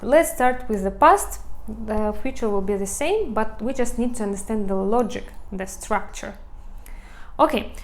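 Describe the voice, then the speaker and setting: A woman with a Russian accent teaching a language lesson online, explaining step by step with frequent fillers and restarts. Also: on the high side.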